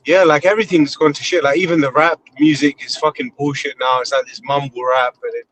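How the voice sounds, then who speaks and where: A man's voice: on the high side, brisk, a little hiss or hum, poor audio. A man in his thirties hosting a loose live discussion, swearing often and rambling with enthusiasm. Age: 30s. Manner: animated, heavy swearing, rambling. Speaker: host.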